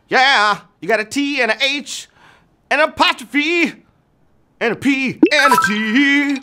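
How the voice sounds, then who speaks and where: A high, lively male game show host who swoops all over his range as he teases players and tosses off rhymes. His voice is playful and sing-song, with a clear music bed running underneath. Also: slow pace. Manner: calls players "babies". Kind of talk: live trivia game show hosting.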